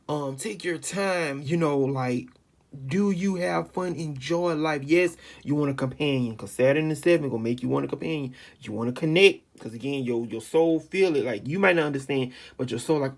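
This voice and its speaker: A man with a gravelly, creaky edge and a middle pitch talks through an astrology reading into the phone in his hand. He is emphatic and rambling, circling back over the same phrases. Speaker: astrology reader. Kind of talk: informal spoken astrology reading. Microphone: handheld phone.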